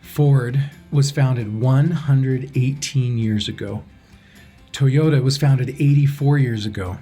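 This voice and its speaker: A man hosting a business podcast, reading a scripted intro and asking interview questions in a measured, steady way. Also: medium pitch, husky, soft background music. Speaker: podcast host.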